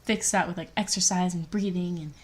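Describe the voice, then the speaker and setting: A woman's voice: lowish voice, fairly even intonation, brisk. A woman co-hosting a podcast in casual chat, says "like" constantly. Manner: filler-heavy, says "like" constantly. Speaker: podcast co-host.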